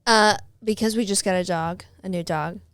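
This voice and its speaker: A woman co-hosting a podcast who speaks at an ordinary middle pitch in a relaxed way. She puts questions to the others. The recording is dry and close. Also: normal speed, clean tone, no echo. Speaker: podcast co-host. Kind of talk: casual chat.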